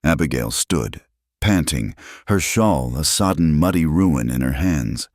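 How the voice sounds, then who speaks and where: Deep voiced guy reading a western story, slow dramatic measured delivery, dry sound. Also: lively intonation, no echo. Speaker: narrator. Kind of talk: scripted storytelling narration.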